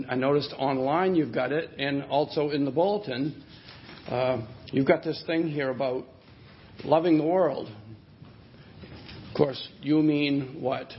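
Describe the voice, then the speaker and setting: Man, pastor, sermon, slightly high pitch, conversational with restarts, dull lo-fi church audio. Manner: conversational, thinking aloud with restarts. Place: church sanctuary.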